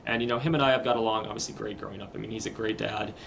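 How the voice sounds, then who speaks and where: A young man in his twenties, a podcast guest, recounting a hard personal story in a casual, earnest, halting way. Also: fairly low pitch, fairly even intonation, gravelly, a bit bright, a little hiss or hum, rough recording. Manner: earnest, halting, retelling step by step.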